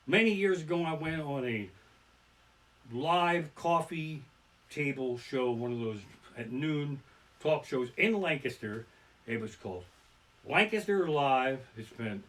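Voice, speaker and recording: A male stand-up comedian from Pennsylvania tells rambling, profane stories on a home live stream from his living room and often bursts into shouted punchlines. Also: mid-range voice, recorded from a distance. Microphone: simple home streaming setup.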